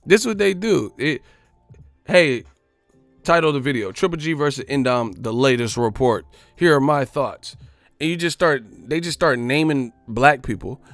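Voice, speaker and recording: Gravelly, mocking man ranting live. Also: mid-range voice, animated, moderate pace, fairly bright tone, no echo, faint music behind. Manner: profane, mocking, repetitive. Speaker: host of a boxing live stream. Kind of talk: live-stream rant.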